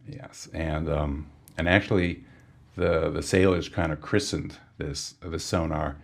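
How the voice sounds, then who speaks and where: A man, a sonar engineer guest on a podcast, giving a technical explanation and often pausing with fillers and restarts. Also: very deep voice, steady tone, vocal fry.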